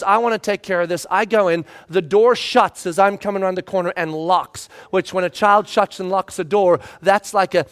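A pastor delivers a storytelling sermon in a noticeably high male voice. His delivery is expressive, rising to loud emphasis at times and dropping to hushed tones at others. He is talking to a congregation.

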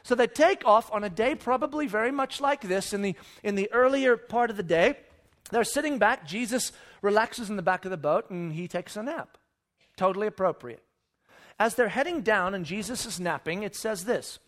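Very high-voiced man preaching a sermon. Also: moderate pace. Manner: animated storytelling with rhetorical questions; conversational, addresses listeners directly. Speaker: pastor.

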